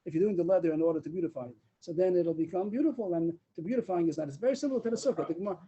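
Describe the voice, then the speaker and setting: A man leads a Talmud class over a video call, talking quickly and weaving Hebrew and Aramaic terms into his English. His voice sits a little high but sounds dark and husky. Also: dull audio. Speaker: Talmud teacher. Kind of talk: daf yomi Talmud class. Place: online meeting room.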